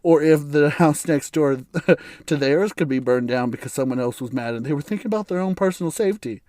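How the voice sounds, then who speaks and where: A man's voice: fairly high pitch, fairly quick, a little mellow, dry recording. Blunt, profane man hosting a podcast. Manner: candid, blunt and profane, laughs often. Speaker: podcast host. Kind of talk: casual solo podcast monologue.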